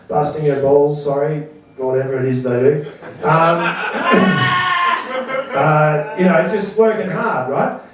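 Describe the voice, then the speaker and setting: A middle-aged man emcees a stand-up show, trading crude, sarcastic, brash banter from the stage in a slightly high voice with a darkish tone. The audio comes from far off in an echoey room, with audience laughter audible.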